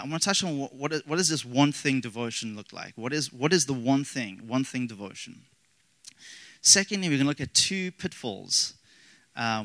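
A man delivers a sermon as pastor, with a bright, forward tone. He speaks earnestly, lifting his emphasis and dropping into casual asides. The sound is dry and close. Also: medium pitch, no room sound, low-quality recording.

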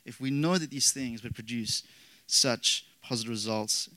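A man's voice: medium pitch, normal speed, pushed and bright, no echo, low-quality recording. A man preaching a sermon as pastor, earnest with rising emphasis and casual asides.

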